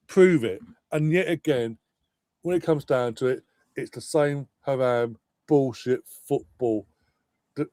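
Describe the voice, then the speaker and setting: A man's voice: medium pitch, a little slow, dark tone, dry recording. A man, ranting bitterly and sarcastically about his football team's play. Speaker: football fan co-host. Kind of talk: angry live match watchalong rant.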